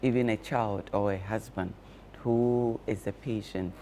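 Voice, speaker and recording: A man speaking as a guest on a breakfast show, explaining care tips slowly and with many fillers. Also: on the low side, fairly even intonation, dark tone, a little hiss or hum. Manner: slow, measured explaining with frequent fillers. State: talking with cloves in his mouth. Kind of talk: explanatory studio talk.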